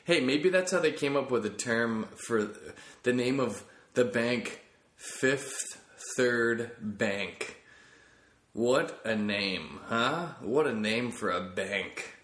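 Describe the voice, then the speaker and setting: A man's voice: mid-range voice, expressive, takes it slowly, few pauses, a bit bright, roomy sound. A man hosting his own comedy podcast, rambling and correcting himself as he jokes along. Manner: rambling, self-correcting, jokey. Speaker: podcast host.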